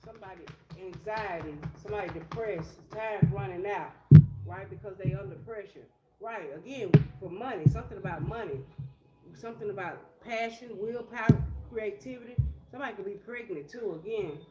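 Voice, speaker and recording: A woman's voice: medium pitch, moderate pace, dull audio. A woman doing a casual tarot reading in a blunt, profane, streetwise way. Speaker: tarot reader. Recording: echoey room with loud music.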